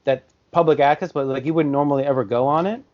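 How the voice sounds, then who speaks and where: A man's voice: fairly high pitch, fast talker. A man co-hosting a podcast, talking in a loose, rambling way with many fillers. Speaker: podcast co-host. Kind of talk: casual chat. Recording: slightly dull lo-fi audio.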